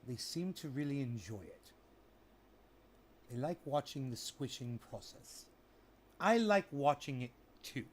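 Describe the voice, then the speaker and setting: A man's voice: mid-range voice, expressive, unhurried, pauses often, a little hiss or hum. A man casually narrating a vlog while trimming plants, theatrical and teasing as he bickers with someone off camera.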